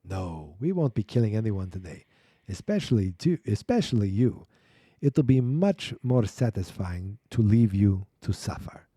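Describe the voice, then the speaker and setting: A man voicing a gloating male villain who taunts his captive slowly, reading from a comic. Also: fairly low pitch, big pitch swings, dark tone, breathy edge, no room sound, studio quality, exaggerated voice.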